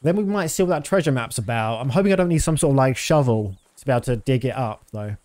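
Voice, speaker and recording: A man's voice: mid-range voice, lively intonation, fast, darkish tone. A man in his thirties giving casual, rambling commentary while streaming a game, with many fillers.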